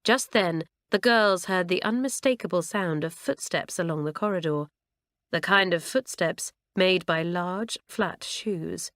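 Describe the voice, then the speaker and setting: A woman narrating a children's audiobook in a measured storytelling manner. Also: lowish voice, a bit bright, dry recording, clean studio sound. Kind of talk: scripted narration.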